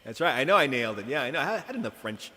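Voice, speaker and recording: A man's voice: mid-range voice, big pitch swings, rapid-fire, sharp tone. A man live streaming a game, chatting casually with viewers, giggling often and rambling through restarts. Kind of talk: casual gameplay chat. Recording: noisy background.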